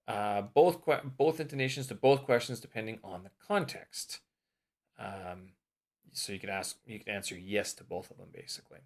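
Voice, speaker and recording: A man's voice: fairly low pitch, normal speed. A man teaching English, reading his course notes aloud in a casual study vlog, thinking aloud and muttering self-mocking remarks as he checks his answers.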